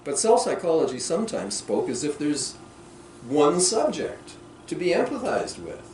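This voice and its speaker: A man's voice: on the high side, big pitch swings. Man speaking from far in a roomy hall. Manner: thoughtful, slows down and trails off softly. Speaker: author answering questions at a workshop. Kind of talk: reflective clinical discussion. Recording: roomy and distant with faint noise.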